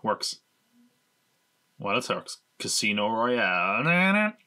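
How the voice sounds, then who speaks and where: A man's voice: fairly low pitch, sing-song, slow, bright, forceful tone, clear, resonant tone. Sarcastic, rambling male podcast host. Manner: rambling, sarcastic, swears casually. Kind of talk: casual podcast chat.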